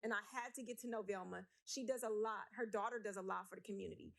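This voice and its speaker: A woman's voice: medium pitch, steady tone, fast talker, vocal fry, a bit bright. A woman speaking at a city council meeting, emotional, blunt and emphatic as she argues her point. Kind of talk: impassioned council meeting speech.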